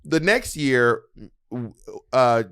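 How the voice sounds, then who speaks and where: Podcast co-host, man, middle pitch, teasing and candid. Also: expressive, extremely slow, fairly bright tone, smooth, no echo, studio quality. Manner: teasing, laughs through jokes, earnest when talking about goals. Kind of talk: casual chat.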